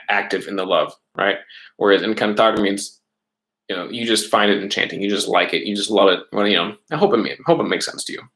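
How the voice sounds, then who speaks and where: A man's voice: fairly low pitch, a bit bright. A male teacher explaining worksheet examples step by step in a casual online class, often checking in with "right?". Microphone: laptop or webcam mic.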